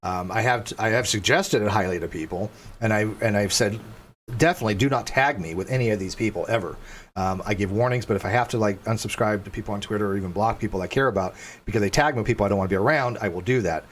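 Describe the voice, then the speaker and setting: A man's voice: lowish voice, quick pace, a little hiss or hum. A man from Los Angeles hosting a casual livestream chat, blunt and swearing, reading viewer comments aloud. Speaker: show host.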